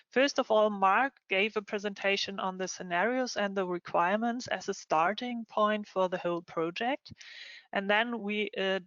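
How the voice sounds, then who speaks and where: A woman's voice: mid-range voice, a bit bright, dry recording. A woman moderating a project webinar online, speaking with many hesitant ums. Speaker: session moderator. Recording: dull lo-fi online call.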